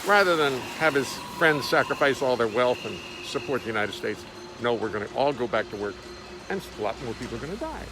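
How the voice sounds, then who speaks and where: A man's voice: medium pitch, lively intonation, brisk, over music. A man chatting casually and jokingly on a livestream from his studio, greeting viewers by name. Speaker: musician hosting a livestream. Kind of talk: casual chat. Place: home studio by a window.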